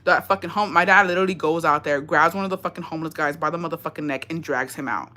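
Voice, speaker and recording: A young woman livestreaming, telling a story to her viewers in an animated, profanity-laden way and slipping in Spanish phrases. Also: low-pitched, fast.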